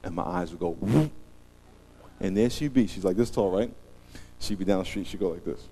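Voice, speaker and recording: A man's voice: sits low, quick pace. A middle-aged man preaching a sermon as pastor, telling humorous stories and acting out scenes with big vocal swings. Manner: animated, joking storyteller who acts out scenes.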